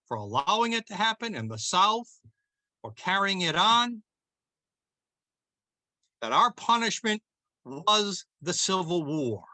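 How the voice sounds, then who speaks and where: A man hosting a political talk show, delivering scripted commentary in a declamatory, emphatic way with dramatic slow pauses. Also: a little high, sharp tone, dry recording, low-quality recording.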